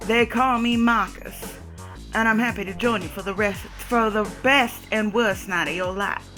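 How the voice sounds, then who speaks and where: A woman reading the lines of a smug, theatrical male vampire preacher, slow and emphatic, over faint music. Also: medium pitch, pushed and bright, lightly acted. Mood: smug, teasing. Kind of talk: reading game dialogue aloud.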